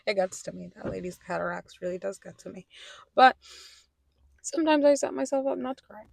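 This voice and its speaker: Candid young woman vlogging, low gravelly voice. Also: fairly even intonation, brisk, no room sound. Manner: candid, rambling, self-correcting. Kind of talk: casual personal vlog.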